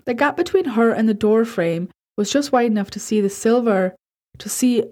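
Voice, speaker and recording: A woman's voice: on the high side, expressive, normal speed, mellow. A woman hosting a podcast, casually reading listener horror stories aloud, stumbling and correcting herself and swearing offhand. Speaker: podcast host.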